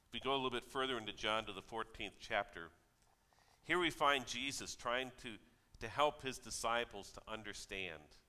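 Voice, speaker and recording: This pastor's mid-range voice comes across pushed and bright as he preaches at a normal speed. He speaks conversationally in church, weaving in stories with quoted voices, while the hall's reverb echoes around him.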